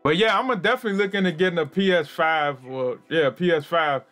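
A man streaming a game live, excitable and swearing a lot as he yells at the game, with game music behind him. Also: a little high, fairly quick. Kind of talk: live gameplay commentary.

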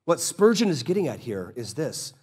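Conversational pastor with a higher voice. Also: male voice, big pitch swings, slightly rough. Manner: conversational, acts out both sides of dialogues; slows down and drops quiet to read scripture. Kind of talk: sermon.

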